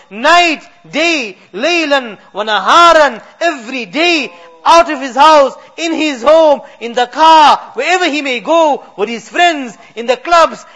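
High-voiced man in impassioned prayer. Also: fairly bright tone. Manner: pleading, repeats invocations, voice swells and drops. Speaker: imam leading a supplication. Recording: dull lo-fi recording.

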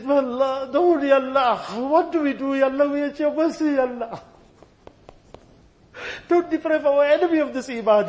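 A man preaching a sermon in a mosque gathering, then leading a fervent, pleading supplication with a sobbing, breaking voice. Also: very high voice. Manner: fervent pleading repetition of "Ya Allah".

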